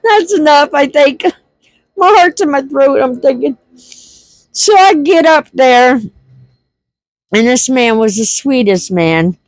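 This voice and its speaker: Middle-aged woman, vlog storyteller, unhurried, close dry sound. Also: high-pitched, dry recording. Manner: laughs through her story, repeats herself. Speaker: homestead vlogger. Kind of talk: casual storytelling.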